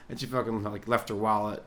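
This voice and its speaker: Profane rambling man, slightly low voice. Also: a bit bright. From New York. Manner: profane, sardonic, laughs at own jokes. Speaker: podcast host. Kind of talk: rambling casual monologue.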